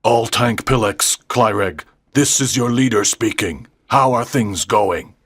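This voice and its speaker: Man doing a bossy alien boss on a screen, husky voice, dry close sound, audiobook drama. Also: medium pitch, measured pace, fairly bright tone, no echo. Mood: commanding. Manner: bossy, urgent orders. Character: commanding male alien leader on a screen. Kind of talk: graded-reader audiobook drama.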